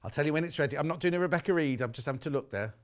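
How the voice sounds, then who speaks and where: A man's voice: fairly high pitch, animated, rapid-fire. A middle-aged man presenting fabrics on a live shopping show, chatty and teasing. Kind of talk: live sales presentation with chat.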